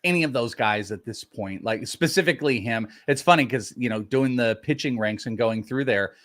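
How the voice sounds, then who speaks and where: A man's voice: mid-range voice, normal speed, fairly bright tone. Playful rambling man co-hosting. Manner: playful, teasing, rambling with many fillers. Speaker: fantasy baseball analyst co-host. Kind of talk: casual podcast banter.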